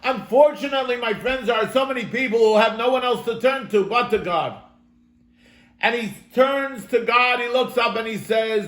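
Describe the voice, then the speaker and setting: With an extremely high, slightly bright voice at a moderate pace, a rabbi delivers a storytelling lesson in sermon style for an online class at home. He is earnest and dramatic, calling listeners "my friends," and the audio sounds roomy.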